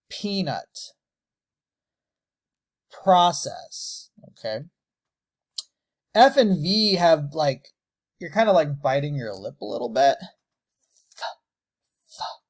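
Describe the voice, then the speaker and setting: A man teaching animation lip sync, slowly and deliberately sounding out letters and words with exaggerated mouth shapes. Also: on the high side, big pitch swings. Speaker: animation tutor. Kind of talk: tutorial, demonstrating mouth shapes on camera.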